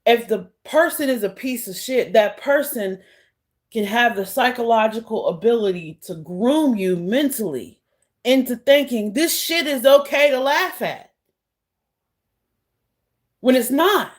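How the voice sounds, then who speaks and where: A woman's voice: fairly high pitch, lively intonation, measured pace. A woman vlogger speaking in a heated, blunt, sarcastic monologue. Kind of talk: casual monologue to camera.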